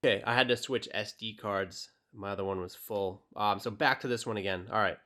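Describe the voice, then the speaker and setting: Low-voiced casual male dating coach. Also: brisk. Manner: relaxed, direct, many fillers. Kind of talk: casual tutorial talk, reading texts aloud.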